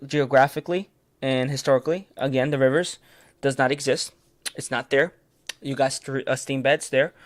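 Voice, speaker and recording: A man's voice: medium pitch, no echo, studio quality. A man leading a casual late-night Bible study stream, hesitant and full of fillers, stumbling over terms and correcting himself. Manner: answers viewers' comments in passing.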